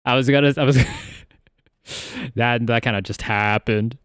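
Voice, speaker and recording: A man's voice: mid-range voice, fairly even intonation, slow pace, a bit bright, slight background noise. A man hosting a casual live stream, rambling and laughing often as he talks. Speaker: streamer and charity host.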